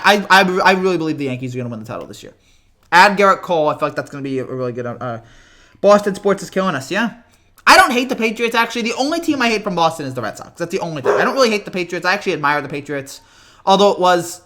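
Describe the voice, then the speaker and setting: Excitable young man with cracking voice. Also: a little high, slight background noise. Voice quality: voice cracks often. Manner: rambling, excitable, repeats himself. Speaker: live stream host. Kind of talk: casual live reaction stream.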